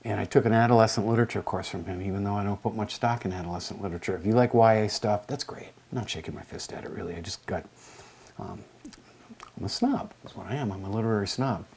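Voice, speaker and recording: Husky older man, rambling teacher. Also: fairly low pitch, fast talker, a little mellow. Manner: rambling, digressive storytelling with many fillers. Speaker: English teacher. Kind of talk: lecture with a poetry reading.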